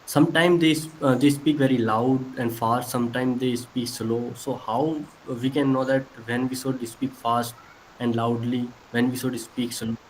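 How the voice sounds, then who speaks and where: A man asking his teacher a question over a video call, halting and restarting as he searches for words. A faint hiss sits under his voice. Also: medium pitch, flat delivery, rough recording. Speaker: student.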